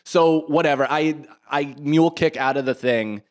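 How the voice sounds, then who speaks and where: A man's voice: a little high, moderate pace, clean tone. A man in his thirties co-hosting a podcast, telling a story with lots of swearing and acting out the people he quotes. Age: 30s. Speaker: podcast co-host. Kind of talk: casual chat.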